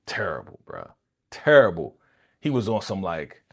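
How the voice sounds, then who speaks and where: A man's voice: deep voice, huge pitch swings, unhurried, gravelly, a bit bright. A man hosting a live reaction stream, chatting in slang and acting out characters' lines. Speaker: channel host reacting to a TV episode.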